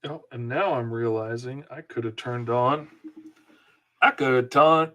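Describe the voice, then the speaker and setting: A man hosts a live comic-inking lesson, speaking at a medium pitch with an unhurried pace and a sharp tone. He chats casually as he works, rambling in a self-deprecating way and answering viewers' questions.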